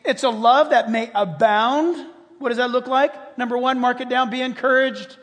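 A man preaching a sermon as a pastor, animated and conversational, acting out quoted prayers and joking with the congregation. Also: very high-pitched, moderate pace, long reverb tail.

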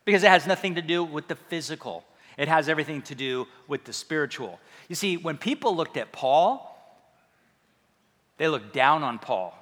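A man preaching in a church hall, his fairly high voice bright and forward. He keeps the sermon loose and conversational, poking fun at himself with easy humor. A long reverb trails each phrase through the room. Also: animated, moderate pace. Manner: conversational and self-deprecating, with humor. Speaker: pastor.

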